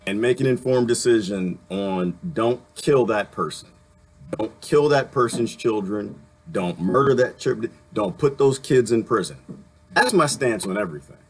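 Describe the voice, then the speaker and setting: A man's voice: medium pitch, expressive, normal speed, slightly rough. A man hosting a casual livestream, talking bluntly and repeating himself, a little annoyed. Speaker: livestream host.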